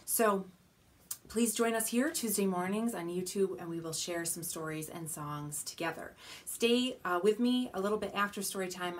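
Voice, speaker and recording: A woman children's librarian leading a baby storytime from a small home studio, gentle and animated, often dropping to soft whispers. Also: on the low side, moderate pace. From United States. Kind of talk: baby storytime with rhymes and songs.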